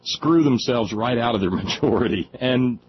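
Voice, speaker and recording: A man's voice: medium pitch, normal speed. A man hosting a radio call-in show, talking casually about politics, laughing often and stumbling over restarts. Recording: dull lo-fi radio sound, faint hum.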